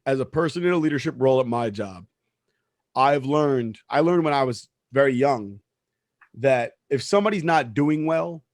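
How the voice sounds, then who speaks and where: A man's voice: medium pitch, lively intonation, normal speed, no echo, studio quality. A man co-hosting a casual sports podcast, telling a story in an emphatic way and swearing freely. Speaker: podcast co-host; supervisor at work.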